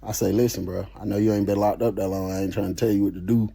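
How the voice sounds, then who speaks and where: Dark mellow-voiced guy, animated slangy storytelling, swears a lot. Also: on the low side, quick pace, creaky, husky. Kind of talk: casual storytelling.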